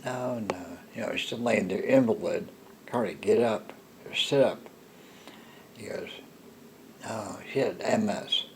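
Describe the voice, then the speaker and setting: An older man telling a personal story in a slow, rambling monologue, halting with restarts. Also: on the low side, slight background noise. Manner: halting, with restarts and soft laughs. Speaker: storyteller recounting a personal encounter.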